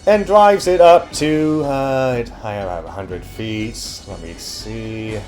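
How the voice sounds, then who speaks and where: A man casually playing a tabletop role-playing game, animated and laughing often. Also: mid-range voice, slow pace, faint music behind.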